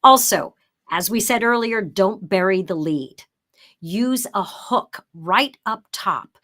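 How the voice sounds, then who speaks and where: A middle-aged woman leads an online workshop from her home office. She talks in a loose, chatty way, walking through her examples one step at a time. Now and then she slips into a crisp, emphatic broadcaster read to demonstrate. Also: mid-range voice, animated, takes it slowly, a bit bright. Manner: drops into emphatic, broadcaster-style read when showing the script. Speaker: workshop presenter.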